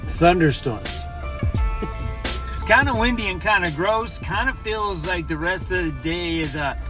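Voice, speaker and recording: A Canadian man chatting casually and energetically in a vlog, joking as he goes. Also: a little high. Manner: upbeat, jokey, energetic. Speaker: vlogger.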